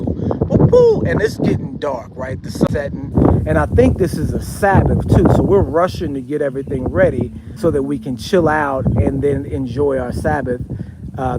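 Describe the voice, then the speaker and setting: A man casually telling a personal story as a podcast host, in an animated way, now and then mimicking hooting bird calls. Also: heavy background noise. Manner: animated, imitates bird calls in a high hoot.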